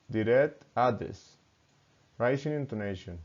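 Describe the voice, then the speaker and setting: A man who is a student, reading pronunciation drills aloud slowly and carefully, word by word. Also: medium pitch, darkish tone, highs cut off.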